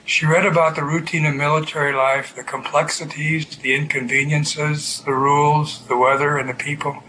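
Bright-voiced male storyteller. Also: fairly high pitch, little pitch movement, normal speed, slight background noise, rough recording. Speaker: narrator. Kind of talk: literary story reading.

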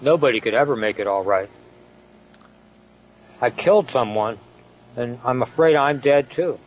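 A man's voice: mid-range voice, lively intonation, dull audio, lightly acted. A man reading a frightened young soldier's letter. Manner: halting, frightened, confessional. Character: young male soldier writing home to his sister.

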